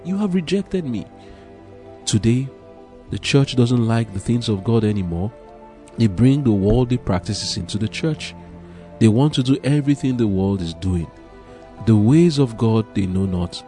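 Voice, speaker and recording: A man preaching a sermon and reading scripture aloud, earnest, shifting between hushed and emphatic delivery. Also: fairly low pitch.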